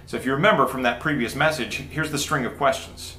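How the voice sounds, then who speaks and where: Male pastor, relaxed chatty preaching, restarts often, roomy church sound. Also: medium pitch, quick pace, few pauses, slight background noise. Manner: casual and talky, with many restarts and asides. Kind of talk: conversational sermon. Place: church sanctuary. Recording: echoey church room.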